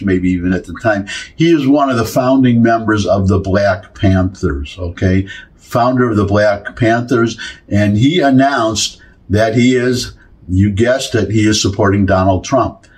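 A man's voice: lowish voice, measured pace. A man with a Midwestern accent from Michigan, talking through a casual commentary monologue with many restarts and asides. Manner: rambling, many restarts and asides, emphatic repetition. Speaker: political commentary host.

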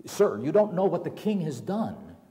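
A man's voice: a little high, huge pitch swings, normal speed, mellow, long reverb tail, muffled recording. A man voicing a frightened woman medium in hiding, with pleading, alarmed questions.

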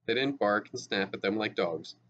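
A male teacher reads a novel aloud at a steady, even pace, stopping now and then to restart a word. His voice is fairly low. The recording is dull and lo-fi, with a faint hiss. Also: normal speed.

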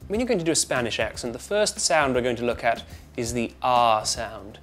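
A British man, an actor and voice coach, giving a clear instructional accent tutorial and demonstrating sounds. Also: mid-range voice, big pitch swings, brisk, a bit bright, faint music behind.

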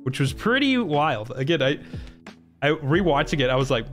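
A man's voice: mid-range voice, sing-song, normal speed, fairly bright tone. Young guy streaming, laughs a lot, voice jumps all over, little music behind. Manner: laughs often, exclaims at chat. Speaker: gaming streamer. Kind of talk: casual live-stream commentary.

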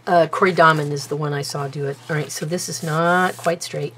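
A woman's voice: low voice, fairly even intonation, a little fast, fairly bright tone, a little hiss or hum. A woman chatting casually to herself while she does a paper craft at her table, self-mocking and talkative. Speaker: craft video host.

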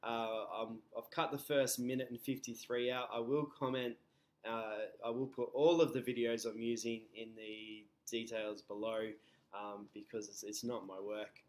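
A man's voice: mid-range voice, level tone, normal speed. A male teacher talking casually through a lesson, hesitant and full of fillers.

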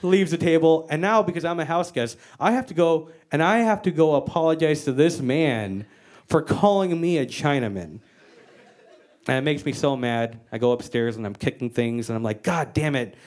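A woman's voice: sits low, moderate pace, darkish tone. Brash profane woman doing stand-up. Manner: brash, profane storytelling with voiced quotes. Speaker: stand-up comedian. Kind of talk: stand-up comedy. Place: stage before a live audience.

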